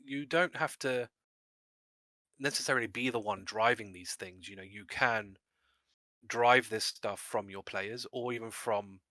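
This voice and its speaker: Bright, chatty man with a dry sound. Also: fairly low pitch, measured pace, no room sound. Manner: rambling, with frequent restarts and small laughs. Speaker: co-host discussing game mastering. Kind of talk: casual discussion.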